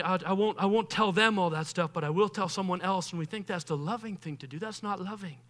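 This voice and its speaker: A man preaching a sermon as pastor, animated, acting out the voices of people he quotes, rising to loud bursts and dropping quiet. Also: fairly high pitch.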